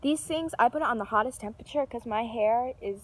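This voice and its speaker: A young woman talks through a storytime vlog in a loose, rambling way, full of "like" and restarts. Her voice sits a little high and she curses casually. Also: fast talker. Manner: animated, yells when reenacting an argument; lots of filler and restarts, swears casually.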